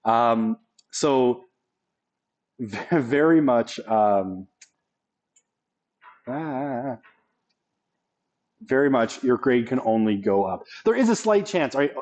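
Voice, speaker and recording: A man's voice: medium pitch, lively intonation, takes it slowly, pauses often, a little mellow, highs cut off. A man giving a casual college sociology lecture, often checking in with the class by asking "right?".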